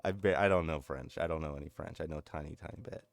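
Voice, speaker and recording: A man's voice: very deep voice, fast, creaky. A man in his thirties chatting casually and laughing often while streaming a game. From United States. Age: 30s. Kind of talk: casual gameplay commentary.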